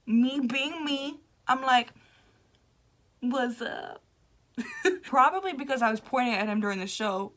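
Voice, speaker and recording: A woman's voice: a little high, slow pace, pauses often. A young woman vlogger casually recounting a story, laughing often and acting out the people she quotes. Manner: animated, laughing, acts out quoted voices.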